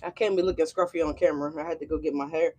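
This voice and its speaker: A woman with a deep, dark-toned voice races through a casual tarot reading for her channel, speaking into a desk mic with fairly even intonation. She's a chatty tarot reader with a loose, slightly profane manner who calls her viewers y'all.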